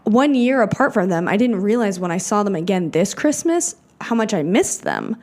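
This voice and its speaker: A woman's voice: mid-range voice, sing-song, normal speed, a little mellow. A woman in her twenties co-hosting a podcast, chatting casually with lots of "like" fillers and loose swearing. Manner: chatty, filler-heavy, swears freely, acts out quotes. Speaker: podcast co-host. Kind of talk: casual chat.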